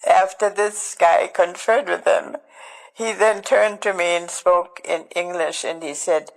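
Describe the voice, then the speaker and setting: An older woman tells her personal testimony in a halting, emotional way, often breaking off and restarting her sentences. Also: lowish voice, fairly even intonation, gravelly, in a large hall, poor audio. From Germany. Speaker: Holocaust survivor giving testimony.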